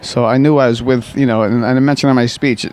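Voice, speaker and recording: A man with a medium-pitched, everyday voice talks through stories from his work as a physical therapist. He keeps stumbling over his first words and doubling back, and fills the gaps with easygoing fillers. It is relaxed interview talk recorded outdoors. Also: fast. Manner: rambling, warm storytelling with frequent restarts and fillers. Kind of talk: conversational interview.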